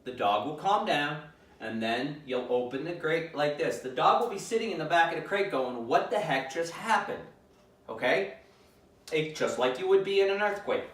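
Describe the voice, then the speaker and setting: A man giving a dog-training lesson, explaining calmly and acting out commands aloud. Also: a little high, moderate pace. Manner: calm, demonstrates commands aloud. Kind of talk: instructional demonstration. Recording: echoey room, mic at a distance.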